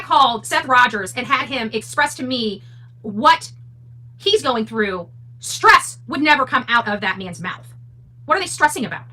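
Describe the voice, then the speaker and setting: A woman's voice: on the high side, expressive, moderate pace, poor audio. A woman hosting a casual livestream, reading posts aloud and answering them with heated sarcasm. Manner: heated, sarcastic, rising to near-shouting. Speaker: livestream host.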